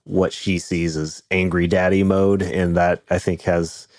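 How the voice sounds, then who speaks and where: Deep-voiced man, reflective podcast host. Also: level tone, measured pace, a little mellow, no echo. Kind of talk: casual conversation.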